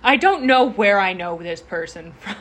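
A woman's voice: mid-range voice, expressive, moderate pace, a bit bright, slight background noise. A young woman telling a rambling story in casual chat, with lots of fillers and restarts.

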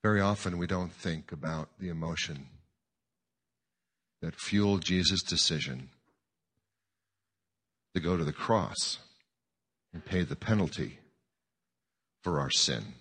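Male preacher, earnest and reflective, with a bright, husky voice. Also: low voice, measured pace, pauses often. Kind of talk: sermon with a dramatic reading. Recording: long hall reverb.

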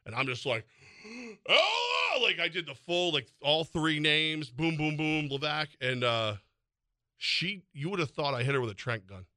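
A man in his forties co-hosting sports talk radio, his voice bright and forceful, dry and close to the studio mic. He spins animated, teasing stories in loose, chatty banter. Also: on the high side, normal speed, dry recording. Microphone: studio microphone.

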